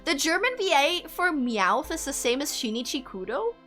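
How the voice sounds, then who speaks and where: A woman's voice: high-pitched, very animated, moderate pace, sharp tone, faint music behind. A woman streamer chatting casually to her viewers, giggly and self-deprecating. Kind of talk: casual live-stream chat.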